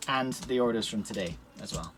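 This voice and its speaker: A man's voice: on the low side, brisk, background noise. Chatty Scottish man streaming. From Scotland. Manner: chatty, cheerful, talks while working with his hands. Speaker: streamer setting up cubes. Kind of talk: casual live-stream chat. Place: shed.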